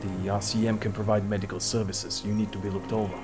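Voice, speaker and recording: A man's voice: on the low side, little pitch movement, quick pace, natural voice. A man voicing a blunt detective asking pointed questions. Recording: music playing behind voice. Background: music.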